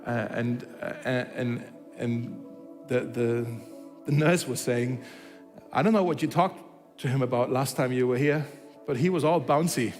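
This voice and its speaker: A man's voice: mid-range voice, unhurried, in a large hall, soft background music. A man preaching a sermon, telling a story and acting out its dialogue, with frequent restarts. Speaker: pastor. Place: church hall.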